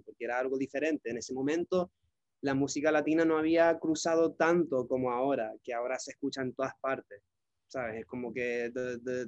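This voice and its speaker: A man's voice: medium pitch, no echo, highs cut off. A young man with a British accent, chatting casually as a musician guest and telling stories with plenty of fillers. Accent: British English. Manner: relaxed, chatty storyteller, many fillers. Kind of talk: casual interview chat.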